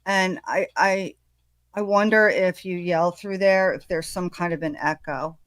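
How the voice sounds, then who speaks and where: A woman on a live stream thinking aloud in a halting way as she goes over a timeline. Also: lowish voice, dry recording, clean studio sound.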